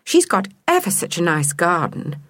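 A woman's voice: lowish voice, sing-song, moderate pace, fairly bright tone, no room sound. A practical storybook mother, as a woman reader puts her on, matter-of-fact and mild, close to the reader's own voice but a touch lifted. Dry, close sound.

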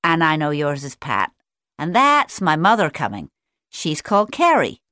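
A woman's voice: low-pitched, huge pitch swings, a little slow, bright, forceful tone, dry recording, clean studio sound, heavily acted. A woman voicing Bobby, a chatty, eager young male sea otter in a storybook reading, raising her voice a little. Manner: friendly, keen to show what he knows.

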